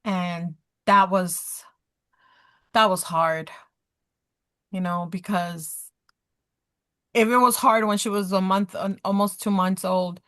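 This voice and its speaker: As a podcast guest, a woman in her thirties shares a personal story casually, taking it slowly with frequent pauses in a medium-pitched voice. She animatedly performs the dialogue and gestures as she talks.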